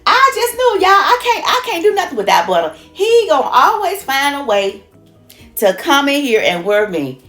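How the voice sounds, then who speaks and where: A woman's voice: high-pitched, sing-song, normal speed, fairly bright tone, soft background music. An older woman hosting a cooking demonstration, exuberant and folksy, talking straight to her viewers. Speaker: cooking show host.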